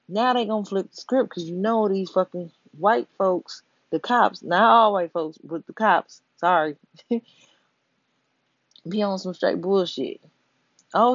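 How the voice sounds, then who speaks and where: A blunt, emphatic speaker rants to the audience with plenty of profanity and keeps checking in with "you know what I'm saying". The voice sits mid-pitch, and the audio is dull, lo-fi and dry. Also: no echo. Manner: blunt, emphatic, addresses listeners directly. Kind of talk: profane social-commentary rant to camera.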